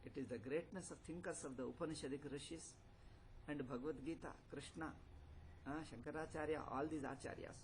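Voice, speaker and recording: A man's voice: on the high side, steady tone, fairly quick, slight background noise, rough recording. An older man teaching a spiritual lecture, emphatic and repetitive, asking rhetorical questions. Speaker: Vedanta teacher.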